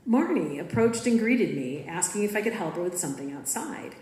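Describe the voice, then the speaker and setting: A woman reading her own personal story aloud at a school writers event, telling it in an expressive, dramatic way. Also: lowish voice, fairly quick. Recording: echoey room.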